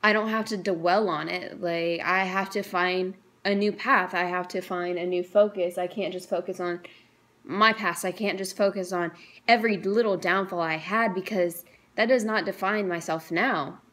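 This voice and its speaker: A woman's voice: lowish voice, fairly even intonation, normal speed, fairly bright tone. A teenage woman vlogging a personal faith testimony, earnest and emotional, chatty with lots of "like".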